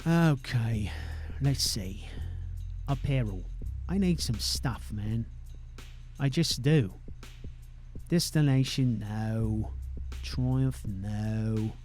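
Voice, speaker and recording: A man's voice: mid-range voice, very slow, darkish tone, soft background music. A young man giving casual gameplay commentary, swearing freely and tagging his sentences with "eh?". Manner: profane, ends sentences with "eh?". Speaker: gamer.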